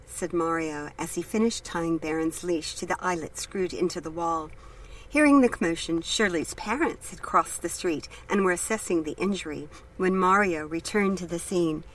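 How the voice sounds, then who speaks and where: A woman with a somewhat low voice reads an audiobook in a measured, steady way. Her narration is even and unhurried. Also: rough recording. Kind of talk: scripted narration.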